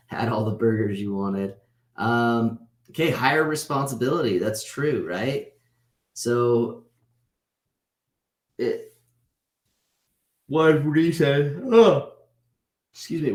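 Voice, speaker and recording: A man in his thirties teaching a casual online class over a video call, talking conversationally and tagging his points with "right?". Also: medium pitch. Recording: roomy echo.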